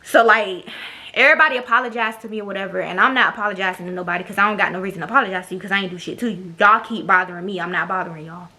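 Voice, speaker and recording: A woman's voice: medium pitch, racing, sharp tone. Blunt, sassy young woman vlogger. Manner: blunt, profane, sassy, mimics others. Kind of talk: casual storytime monologue.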